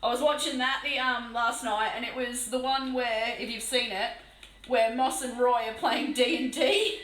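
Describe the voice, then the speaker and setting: A woman's voice: a little high, moderate pace, a bit bright, echoey room, poor audio. An Australian woman chatting casually on a live stream while painting, laughing often and swearing playfully. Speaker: livestreaming miniature painter. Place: room alone.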